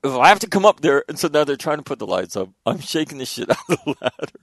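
A man in his fifties telling stories in a casual chat, animated and chuckling mid-sentence, his voice jumping up at the punchlines. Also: fast, vocal fry, hardly any pauses, no echo, clean studio sound. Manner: animated storyteller, voice jumps high in punchlines.

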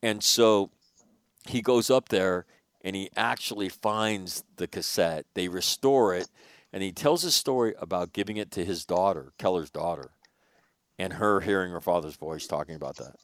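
A man hosting an interview, telling a long story in a casual, animated way and swearing now and then. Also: low-pitched, moderate pace, no room sound. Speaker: podcast host.

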